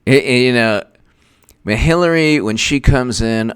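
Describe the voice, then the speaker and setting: A man's voice: medium pitch, measured pace, fairly bright tone, clear, resonant tone, no room sound, studio quality. A man hosting casual livestream commentary, sarcastic and mocking, who laughs often and answers viewers' chat. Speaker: political commentator, host.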